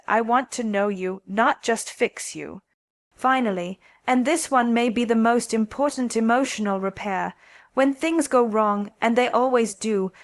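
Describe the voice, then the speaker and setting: A woman calmly narrating scripted relationship advice in a slow, soft, intimate way. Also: a little high, dry recording.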